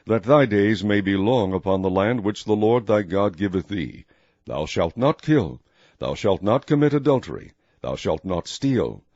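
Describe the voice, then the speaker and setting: A preacher reading scripture aloud in a solemn, measured way, with deliberate phrasing. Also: male voice, lowish voice, darkish tone, no room sound. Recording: muffled recording with faint music behind.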